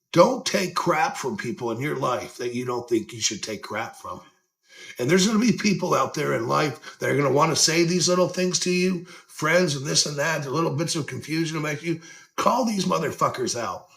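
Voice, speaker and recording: A man's voice: on the high side, lively intonation, normal speed, vocal fry, fairly bright tone. A man hosting a podcast, giving casual motivational talk in a blunt, earnest way, swearing freely and circling back over his points. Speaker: podcast host.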